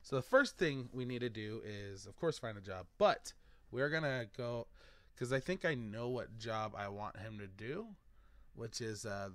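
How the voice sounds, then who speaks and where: Low-voiced man thinking aloud over gameplay. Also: fairly bright tone, dry recording. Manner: rambling, thinking aloud while choosing options. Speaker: gaming video host. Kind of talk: casual let's-play commentary.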